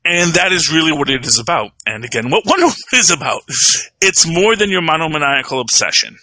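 A man's voice: fairly high pitch, very animated, fast, bright, forceful tone, no echo, low-quality recording. A man co-hosting a podcast, reviewing films in a rambling, laughing casual chat. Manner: rambling, frequent restarts, laughs often. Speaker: podcast co-host.

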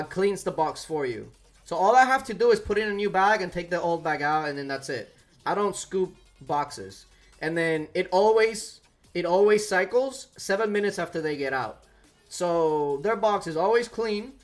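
A man streaming a mobile game, chatting casually with viewers and cooing softly to his cat. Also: high voice. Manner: animated, talks to chat and coos to his cat. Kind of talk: casual live-stream chat.

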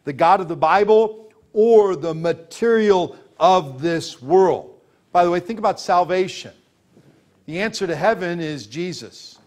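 A man's voice: high-pitched, lively intonation, a little slow, darkish tone. A man preaching a sermon as pastor, emphatic and full of rhetorical questions, laughing as he tells stories.

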